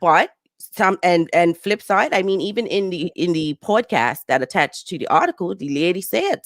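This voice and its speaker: A woman's voice: on the low side, moderate pace, no room sound. A woman co-hosting a studio talk show, pushing back and cutting in as she debates a point. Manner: animated, pushes back, interjects.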